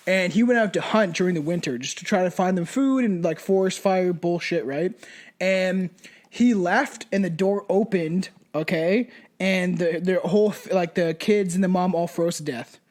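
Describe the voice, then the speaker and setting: A man co-hosting a podcast in casual, profane chat, laughing as he tells stories over drinks. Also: high voice. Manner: loose, profane, laughing storyteller. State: drinking shots. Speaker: podcast co-host.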